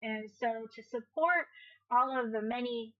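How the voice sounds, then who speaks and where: A woman's voice: on the high side, a little slow, lo-fi sound. A woman guest in a casual interview, talking in a chatty, upbeat way.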